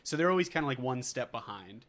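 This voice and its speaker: A man's voice: medium pitch, animated, quick pace, a bit bright. A man co-hosting a casual movie podcast who echoes his partner's quotes and laughs along. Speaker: podcast co-host.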